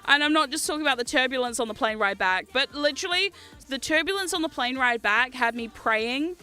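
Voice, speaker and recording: Young female streamer, New Zealand accent, high voice, animated and foul-mouthed, easy laugh. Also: fairly quick, soft background music. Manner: animated, swears freely, laughs often. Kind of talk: casual livestream chat.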